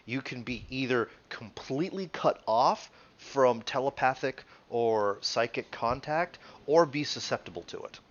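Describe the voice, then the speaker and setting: A man's voice: medium pitch, lively intonation, measured pace, hardly any pauses, dull audio. A man acting as game master, explaining tabletop rules in a rambling, casual way. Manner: rambling, many restarts and fillers, laughs often.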